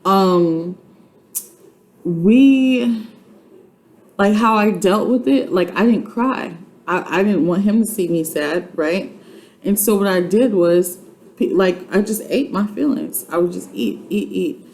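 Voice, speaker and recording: Slow, earnest woman in her twenties. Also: medium pitch, a little mellow, slight background noise, low-quality recording. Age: 20s. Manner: earnest, repetitive, preachy urging. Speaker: YouTube vlogger. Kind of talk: faith-based motivational vlog.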